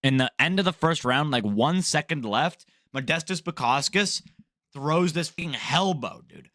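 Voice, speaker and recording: Speaking at a moderate pace in a slightly high voice, a young man hosts an MMA news channel from a studio with no echo. His take is opinionated and profane, delivered as a blunt, lively rant.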